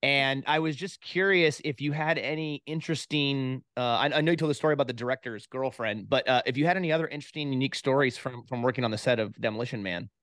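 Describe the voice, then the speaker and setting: A man's voice: medium pitch, fast talker, few pauses, a bit bright, dry recording. Chatty man hosting a podcast, dry. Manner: chatty, enthusiastic, stumbles on repeated words. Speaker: podcast host. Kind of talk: casual interview hosting.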